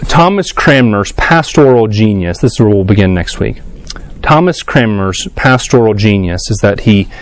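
A man's voice: on the low side, dry recording. A man leading a casual church class, thinking aloud with ums and restarts and putting questions to the group. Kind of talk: casual adult class lecture.

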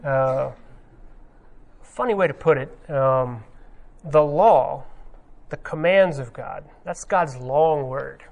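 A man's voice: medium pitch, takes it slowly, vocal fry, a little mellow. A man giving an informal sermon, talking conversationally with many ums and uhs as he retells a scene. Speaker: pastor.

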